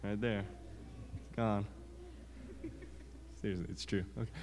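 A man's voice: on the low side, steady tone, a little slow, a little mellow. Man telling kids a story in a reverberant hall. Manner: rambling, with frequent restarts and quoted dialogue. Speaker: children's sermon speaker. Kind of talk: casual storytelling to children.

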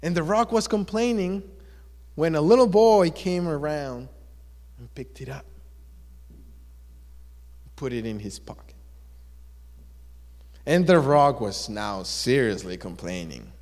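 A man tells a story slowly and animatedly, his voice somewhat high and rising and falling widely. He speaks in a big hall whose long echo trails after every phrase. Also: animated, a little mellow. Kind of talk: telling a story to listeners.

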